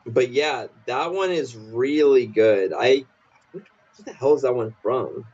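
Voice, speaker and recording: A man chatting loosely on a live podcast stream, circling through "like" and "uh" as he retells scenes. He jumps into squeaky, exaggerated voices when quoting characters. The sound is dull and lo-fi. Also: measured pace, darkish tone, slightly rough. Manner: rambling, filler-heavy, pops into high goofy voices for quotes. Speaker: podcast co-host. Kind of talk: casual chat retelling cartoon scenes.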